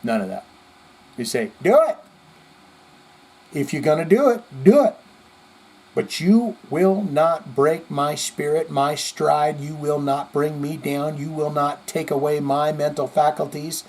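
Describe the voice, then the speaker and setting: Husky animated male podcast host. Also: a little high, measured pace. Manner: animated, swings between loud outbursts and mutters; profane, rambling. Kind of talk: casual live-chat commentary.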